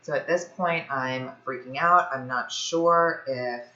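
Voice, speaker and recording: A young woman from Ohio chatting casually to camera, telling a personal story in a lively way, with lots of fillers. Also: extremely low pitch, slow pace, reverberant, muffled recording. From Ohio, USA. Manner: chatty, animated, many fillers like "like". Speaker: fitness vlogger.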